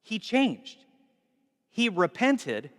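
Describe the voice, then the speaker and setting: A pastor with a high voice preaches a sermon at an extremely slow pace, yet his delivery is conversational and animated. The recording was made in a large church hall with long reverb.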